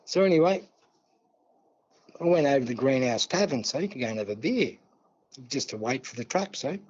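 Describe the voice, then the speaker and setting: A man's voice: mid-range voice, lively intonation, brisk, a little mellow, slightly rough, muffled recording. A man with an Australian accent, a guest telling a long, rambling story in a casual interview, full of asides.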